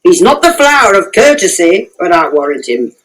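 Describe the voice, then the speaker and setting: A woman's voice: fairly low pitch, very animated, moderate pace, low-quality recording. A woman voicing a garrulous old nurse who groans about her aching bones and dawdles teasingly in a radio play.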